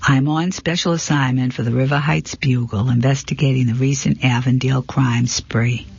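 Guy doing a young lady sleuth asking questions, breathy, muffled recording. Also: medium pitch, fairly even intonation, moderate pace, dry recording. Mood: polite. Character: young female amateur detective, polite and direct.

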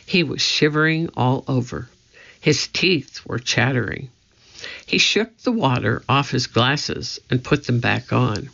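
A woman reads a children's storybook aloud at a slow, measured pace. Her voice is bright and sharp, with a gravelly edge. The recording sounds slightly dull and lo-fi. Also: extremely low pitch, expressive. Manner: measured and deliberate. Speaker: audiobook reader.

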